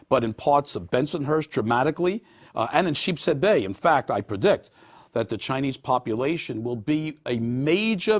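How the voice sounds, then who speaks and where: A man in his sixties with a Brooklyn accent, a borough official answering interview questions in a folksy, animated way with many hesitations. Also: mid-range voice. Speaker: borough president. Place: TV studio.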